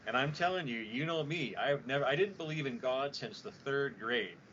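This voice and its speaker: A man's voice: mid-range voice, normal speed. A man from Utah co-hosting a podcast, telling a long rambling story in casual chat with plenty of swearing. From Utah, USA. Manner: rambling, profane, animated storyteller. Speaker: podcast co-host. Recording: dull lo-fi podcast audio with faint noise.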